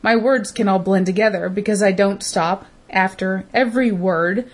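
Female co-host, mid-pitched, fast run-together delivery with a wry edge. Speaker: podcast co-host. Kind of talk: casual chat.

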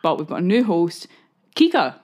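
A young woman hosts a podcast in loose, chaotic chat. She giggles often and swears freely, her pitch leaping around. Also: sing-song, normal speed, darkish tone. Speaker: podcast host. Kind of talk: casual chat.

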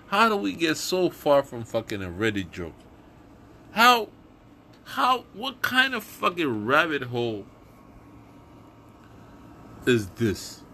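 A man's voice: on the high side, creaky, bright, forceful tone, a little hiss or hum. A man hosting a podcast, rambling profanely through a casual monologue in a put-on comic accent, speaking into a phone. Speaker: podcast host.

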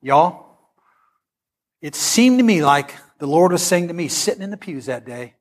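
A middle-aged man preaches a storytelling sermon, animated and humorous, swinging between loud and hushed. His voice is a little high and he keeps a moderate pace.

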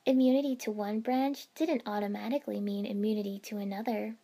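A woman's voice: medium pitch, fairly even intonation, fairly quick, mellow. Woman narrating a first-person story. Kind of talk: reading fan fiction aloud.

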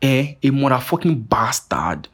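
Husky young man ranting. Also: medium pitch, measured pace. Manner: profane, animated, rambling with many restarts. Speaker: podcast host. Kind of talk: casual monologue rant.

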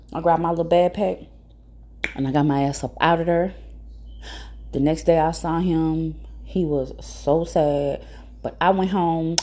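A woman's voice: low-pitched, darkish tone. A woman in a casual storytelling monologue, giving blunt, profane, preachy advice to mothers.

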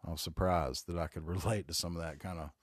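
Brief: very low-voiced Southern man in his forties, loose profane podcast monologue, dry close mic. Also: steady tone, fast talker, no echo. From North Carolina. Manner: rambling, profane, laid-back storytelling. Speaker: podcast host. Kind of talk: casual solo podcast monologue.

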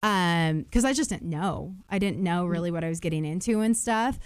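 A woman's voice: on the low side, expressive, normal speed, clear, resonant tone, no echo, studio quality. A woman telling stories in a casual chat, with lots of fillers and restarts. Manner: chatty storytelling, many fillers and restarts. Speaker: podcast guest.

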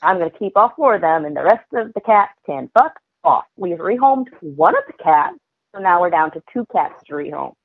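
A woman talks in a casual podcast chat, animated and blunt, swearing freely as she tells her stories. Her voice sits a little low. It comes through a narrow, phone-like line that is completely dry. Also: moderate pace, no echo. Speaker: podcast guest.

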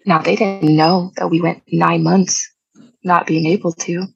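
A young woman as a podcast guest, telling a personal story in a quiet, halting and reflective way. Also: fairly low pitch, steady tone, gravelly, husky, no echo, highs cut off. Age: young adult.

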